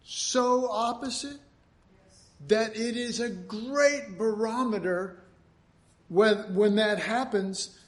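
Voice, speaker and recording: An older man preaching a conversational sermon, folksy, stretching out his emphatic phrases and acting out what people say. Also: sits high. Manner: folksy, acts out quotes, drawn-out emphatic phrases.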